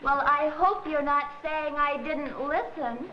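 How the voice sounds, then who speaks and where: A woman's voice: high-pitched, slow. An actress playing a headstrong daughter in her twenties, bantering sassily with her father. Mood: sassy. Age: 20s. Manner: sassy, bantering. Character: headstrong young daughter, quick and playful. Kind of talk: 1970s sitcom acting. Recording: dull old TV film with loud hiss.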